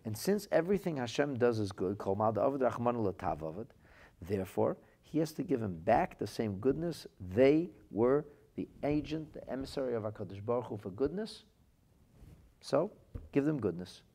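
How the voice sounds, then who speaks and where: A man's voice: mid-range voice, very animated, moderate pace, warm tone, husky. A man teaching a Torah class as a rabbi, reading phrases from classic texts aloud and translating them into plain speech. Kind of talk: lively text-based Torah lesson.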